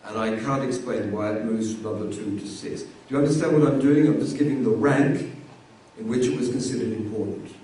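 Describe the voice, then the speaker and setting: A man's voice: medium pitch, brisk, mellow, far from the mic, a little hiss or hum. A man giving a university lecture in a conversational way, often repeating words as he thinks. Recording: echoey room, voice from afar.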